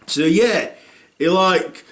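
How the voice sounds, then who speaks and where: A man's voice: sits high, slow, fairly bright tone, reverberant. A man playing crude dad. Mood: gossiping. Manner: rambling, crude, full of fillers and restarts. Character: blunt, crude northern English dad, thirties. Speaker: comedy character. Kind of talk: scripted comic monologue.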